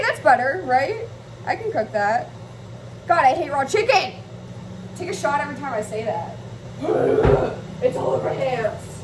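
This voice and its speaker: Young woman, casual kitchen vlog, rambling filler-heavy storyteller, slightly high voice, faint background hiss. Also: rough recording. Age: young adult. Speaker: vlogger. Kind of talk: casual storytelling while cooking. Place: home kitchen.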